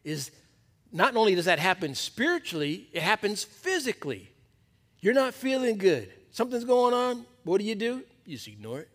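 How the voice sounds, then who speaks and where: A male pastor giving a sermon to a men's Bible study, preaching in a conversational, emphatic way that drops to a hush at times. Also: high-pitched, big pitch swings, moderate pace.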